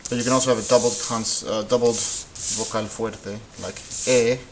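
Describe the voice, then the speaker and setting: A man's voice: fairly low pitch, flat delivery, normal speed, slight background noise, poor audio. A man teaching a casual Spanish lesson, thinking aloud as he goes, with frequent ums and restarts. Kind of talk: casual classroom-style lesson.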